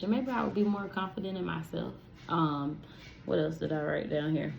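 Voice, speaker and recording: A young adult woman hosts her solo podcast in a relaxed, expressive chat, turning to her listeners often and laughing easily. Her voice sits low for a woman. A faint hiss lies under the recording. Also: gravelly, lo-fi sound. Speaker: podcast host.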